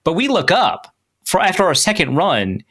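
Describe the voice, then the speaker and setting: A young man with a bright, forceful voice tells a story on a podcast. He is animated and self-mocking, and he laughs as he talks. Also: high voice, normal speed, breathy edge. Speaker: podcast co-host. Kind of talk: casual storytelling chat.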